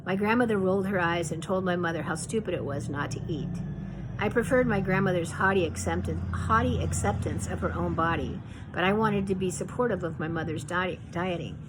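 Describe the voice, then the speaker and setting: A woman reading her own memoir aloud in a measured, reflective way. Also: lowish voice, very noisy.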